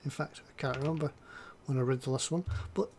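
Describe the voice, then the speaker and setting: A man's voice: medium pitch, a little fast, darkish tone, a little hiss or hum. An older man hosting a live stream, chatting casually and hesitantly as he reads out viewer comments. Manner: rambling, hesitant, lots of ums and restarts. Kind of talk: casual chat while reading viewer comments.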